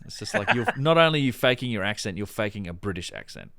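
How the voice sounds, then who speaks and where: A man's voice: on the low side, very animated, fast talker, gravelly, hardly any pauses, a bit bright. A man hosting a casual podcast chat, rambling with many restarts and fillers. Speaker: podcast host.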